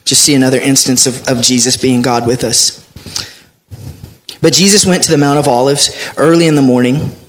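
A male pastor preaching a sermon, reading scripture aloud with animated delivery. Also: mid-range voice, moderate pace.

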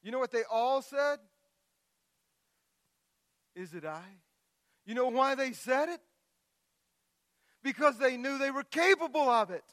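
A middle-aged male pastor delivers a sermon in a high, bright voice. He reads scripture softly, then rises into loud, fervent exclamations. The sound is close and dry. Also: moderate pace, long pauses, no echo. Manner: builds from quiet scripture reading to loud impassioned exclamations.

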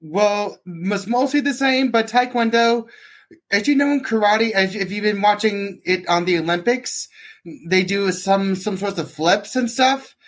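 A young man talking as a podcast guest in a casual interview, hesitant and halting, with many restarts and "like". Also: high-pitched, fairly bright tone. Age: young adult.

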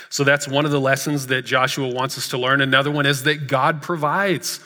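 A man's voice: medium pitch, level tone, fairly quick, hardly any pauses, bright, forceful tone. A man in his thirties preaching a sermon in a church sanctuary, telling a story earnestly and building to emphatic repeated lines. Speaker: pastor. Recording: reverberant hall.

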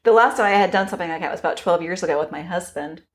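A woman's voice: lowish voice, very fast. A woman in her forties, a podcast guest telling stories in casual chat, acting out her own reactions and laughing often. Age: 40s.

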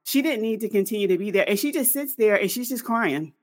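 A woman's voice: medium pitch, a little fast. A woman co-hosting a podcast, telling a story in casual chat with lots of fillers. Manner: animated storytelling with many fillers. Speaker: podcast co-host.

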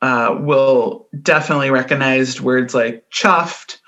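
Bright-voiced Midwestern woman, chatty. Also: rumbling low, unhurried, muffled recording. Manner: chatty, laughs often, explains things. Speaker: podcast co-host. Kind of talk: casual chat.

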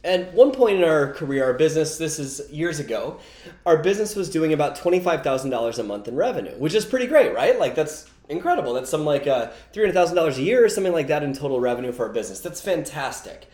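Animated man coaching in an echoey room. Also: on the high side, fast talker. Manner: energetic, storytelling, acts out quoted dialogue. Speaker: online course coach. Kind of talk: recorded course lesson.

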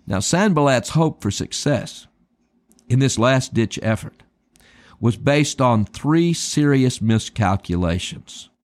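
A man preaching a sermon, emphatic and dramatic, slowing down to stress key words and calling his listeners beloved. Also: medium pitch, expressive, a little mellow, no echo. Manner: addresses listeners as beloved and friends.

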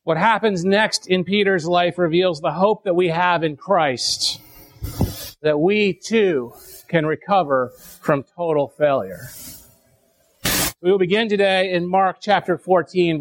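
High-voiced male preacher. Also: measured pace, creaky. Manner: reads scripture then explains with conversational asides; restarts and repeats words while explaining. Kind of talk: sermon.

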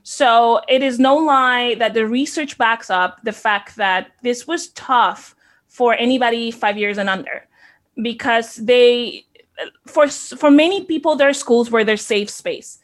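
A woman's voice: fairly high pitch, a little slow. A woman from the Dominican Republic, a child care center owner in her thirties, speaking earnestly and reflectively as an interview guest. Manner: earnest, reflective, repeats words when starting. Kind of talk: conversational interview.

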